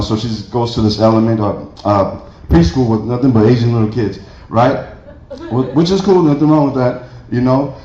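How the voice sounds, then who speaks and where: A man's voice: medium pitch, mellow. Chatty man doing stand-up in a roomy church hall. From Mexico. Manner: chatty, rambling storyteller, chuckling at his own jokes. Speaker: stand-up comedian. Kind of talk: stand-up comedy set. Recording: roomy, dull lo-fi hall recording.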